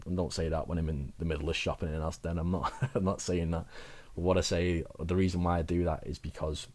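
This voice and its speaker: Deep-voiced chatty young man. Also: a little mellow. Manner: chatty, rambling, self-mocking with frequent laughs. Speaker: wellbeing vlogger. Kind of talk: casual advice vlog.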